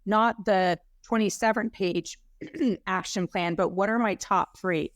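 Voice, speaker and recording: A woman practitioner speaking as an interview guest, excited and fired up, with frequent "like" fillers. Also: mid-range voice, takes it slowly, dry recording, studio quality. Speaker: guest health practitioner and educator. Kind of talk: casual interview talk.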